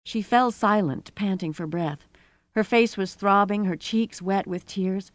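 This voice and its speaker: A woman narrates a novel aloud for an audiobook, reading in a measured, expressive manner. Her voice sits at a medium pitch, and the recording is dry.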